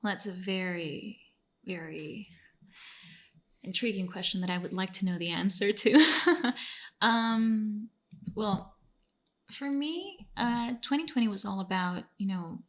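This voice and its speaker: A woman's voice: mid-range voice, unhurried. A young adult woman, a singer, chatting expressively as an interview guest, with many fillers. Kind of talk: casual video-call interview.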